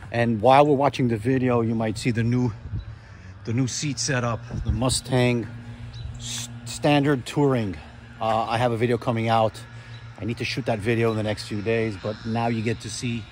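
A friendly man talks in a loose, rambling way, recorded in his home garage. His voice sits at an ordinary middle pitch, with a faint hum of noise behind it. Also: fairly even intonation, moderate pace, a little mellow. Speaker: motorcycle vlogger. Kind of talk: casual vlog chat.

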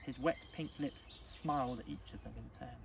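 A male teacher reading a storybook aloud at a school assembly, expressive and dramatic. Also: mid-range voice, moderate pace, vocal fry, slightly rough. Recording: distant mic, faint background noise.

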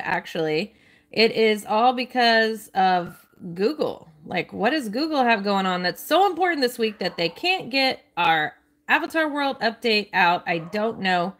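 A woman's voice: mid-range voice, a bit bright. A woman live streaming a kids' game, chatting casually, gushing over cute details and reading out viewers' names. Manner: apologetic, reads out chat names.

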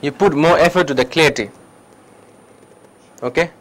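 Tibetan accent guy teaching meditation to a crowd, kinda high voice, broken english, lotsa "okay?". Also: moderate pace, rough recording. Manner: broken English, lively storytelling, frequent "okay?". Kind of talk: public dharma talk with questions. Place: lecture hall.

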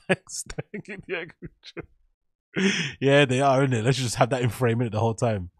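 A man talks over a clip in loose, sarcastic commentary, swearing often and wandering between thoughts. His voice sits at an ordinary middle pitch. The sound is close and dry, with no room around it. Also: fairly even intonation, fast, no echo. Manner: swears freely, rambling and joking. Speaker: reaction video host. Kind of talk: casual reaction commentary.

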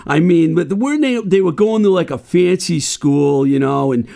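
Host, man, high and gravelly, lively swoops in pitch. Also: moderate pace. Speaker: podcast host. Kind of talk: casual podcast chat.

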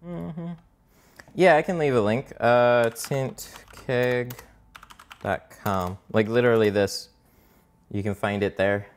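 Slow and full of pauses, this medium-pitched male voice belongs to a mobile window tinter. He talks casually on a live stream while working and hunting for tools, swearing here and there and getting distracted.

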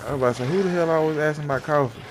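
A man's voice: on the high side, very fast, noisy background. A man giving casual gameplay commentary, full of profane, slangy trash talk aimed at the game. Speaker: gamer. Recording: game sounds loud behind the voice.

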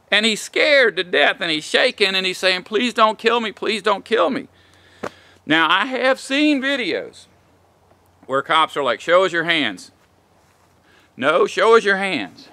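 Guy ranting on his vlog, rambly and fired up, bright edgy voice, dry close sound. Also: fairly high pitch, dry recording. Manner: rambling and indignant, with frequent "you know". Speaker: vlogger. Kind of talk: opinionated monologue.

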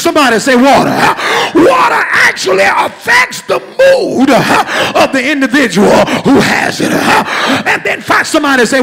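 High, shouting preacher with gravelly edge. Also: male voice. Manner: preaching with call-and-response, frequent "uh" between phrases. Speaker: pastor. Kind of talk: sermon.

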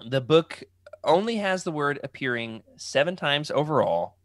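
A man's voice: fairly high pitch, lively intonation, moderate pace, no room sound. A man hosting a casual livestream podcast, joking around and reading out comments from the chat. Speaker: podcast host.

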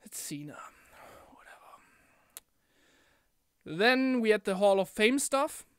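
A young man ranting casually about a wrestling event in a home vlog, animated and chatty, often slipping into impressions of the people he talks about. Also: high-pitched, takes it slowly, clean tone, no echo, studio quality. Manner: animated, mimics wrestlers in quotes. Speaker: wrestling fan vlogger.

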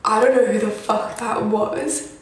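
Her voice fairly high and fairly even in intonation, a scared young woman streams live from home at night without hurrying. She's breathless and jumpy, slips into whispers, curses a lot, and seems near tears in this casual chat. Background noise carries through the echoey room.

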